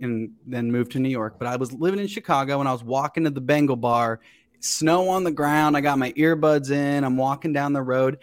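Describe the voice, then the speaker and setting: A man chatting casually on a podcast, an animated storyteller who swears freely. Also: on the high side. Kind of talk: casual chat.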